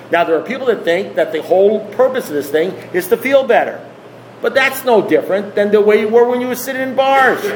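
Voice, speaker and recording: Male recovery-meeting speaker, higher register, repetitive and emphatic, rhetorical delivery. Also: a little hiss or hum, poor audio. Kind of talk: impassioned talk to a group.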